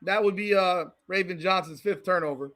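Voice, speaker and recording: A man's voice: high-pitched, moderate pace, fairly bright tone. A man from South Florida hosting a live watch-party podcast, ranting profanely and heatedly over the game. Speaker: podcast host.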